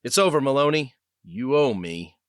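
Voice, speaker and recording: A man's voice: mid-range voice, expressive, normal speed, no echo, clean studio sound, pitched above the performer's own voice, close to an everyday voice. A man voicing a bold army sergeant who leads his squad with firm, raised commands in an audiobook. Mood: commanding.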